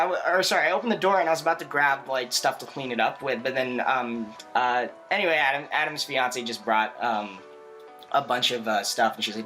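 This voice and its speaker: A young man telling a story as a podcast co-host, animated, laughing often and full of fillers. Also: mid-range voice, a little fast, soft background music. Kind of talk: casual storytelling chat.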